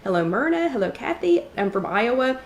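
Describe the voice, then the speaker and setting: A woman hosting a casual livestream chat, greeting viewers by name and clearing her throat from allergies. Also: fairly high pitch, very animated, fairly quick, reverberant, slight background noise. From East Tennessee. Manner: chatty, greets viewers by name between remarks. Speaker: host of a live wellness chat.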